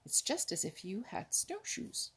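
A kindly but firm old Mother Nature lectures the forest animals like a patient teacher, voiced by a woman reading a storybook. The voice is deeply husky and gravelly. She speaks slowly and lets her questions hang. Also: huge pitch swings, heavily acted. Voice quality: husky, creaky. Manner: patient, teacherly, now and then sharp.

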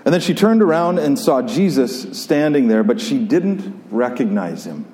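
A man preaching a sermon and reading scripture, reflective and conversational, pausing and repeating himself as he thinks aloud. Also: medium pitch, big pitch swings, warm tone, slight background noise. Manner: reflective, conversational, with pauses and repetitions. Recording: long hall reverb.

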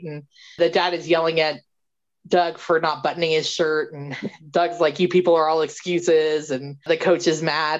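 A woman with a fairly low voice co-hosts a podcast, recapping a movie in loose, animated chat. She laughs often and acts out bits of dialogue. The recording sounds somewhat dull and lo-fi. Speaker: podcast co-host.

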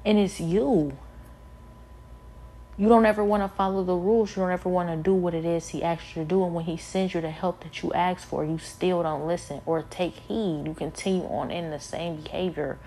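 A weary woman preaching an impassioned sermon. She is emphatic and repetitive, and her talk builds to forceful peaks. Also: fairly low pitch, steady tone, normal speed, a little hiss or hum.

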